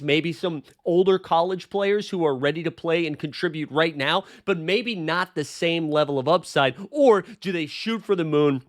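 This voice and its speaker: Casual young male sports host, somewhat high voice, rambling and conversational. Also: a bit bright. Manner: chatty, loose, with frequent "uh" and "right?". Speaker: basketball podcast host.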